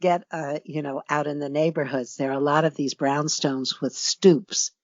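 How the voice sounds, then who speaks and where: A woman's voice: deep voice, steady tone, moderate pace, a little mellow, no echo, highs cut off. An older woman from New York with a New York accent, a guest author in a casual interview, talking reflectively and rambling with many fillers.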